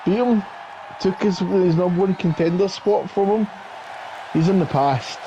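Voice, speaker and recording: A man's voice: sits high, moderate pace, lo-fi sound, crowd noise. A man, co-commentating on a wrestling video game with cocky, boastful banter. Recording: clear background hiss.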